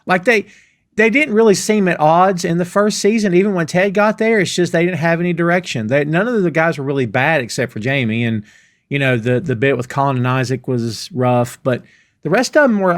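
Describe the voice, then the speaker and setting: A man's voice: fairly high pitch, brisk, dry recording, clean studio sound. A man co-hosting a casual review podcast, enthusiastically recapping scenes with a laugh here and there. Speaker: podcast co-host.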